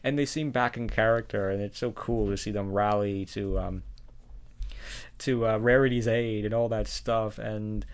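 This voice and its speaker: A man's voice: on the low side, fairly even intonation, normal speed, smooth. Rambling New man reviewing casually. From New York. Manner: rambling, repeats himself, chuckles often. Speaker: reaction video host.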